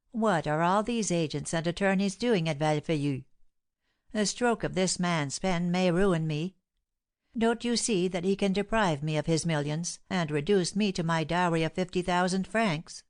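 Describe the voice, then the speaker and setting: A woman's voice: on the low side, measured pace. Woman reading as a cold, scheming young wife. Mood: urgent. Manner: cold, insistent, contemptuous.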